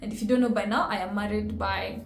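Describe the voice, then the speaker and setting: Animated Kenyan-born woman reacting, echoey room. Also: medium pitch, quick pace, a little hiss or hum. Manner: animated, chatty, laughs often. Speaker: reaction video host. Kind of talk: casual reaction commentary.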